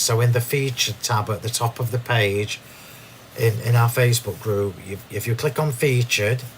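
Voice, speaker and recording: A man hosting a live crafting demonstration from his craft room, chatty and quick to laugh at himself as he explains. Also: on the low side, a little hiss or hum. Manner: chatty, self-laughing, restarts sentences. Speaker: craft demo host.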